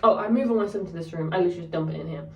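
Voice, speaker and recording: A woman's voice: lowish voice, very fast, far from the mic. A young woman casually telling a story, candid and sweary, ranting. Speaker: vlogger. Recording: roomy echo, voice set back from the mic.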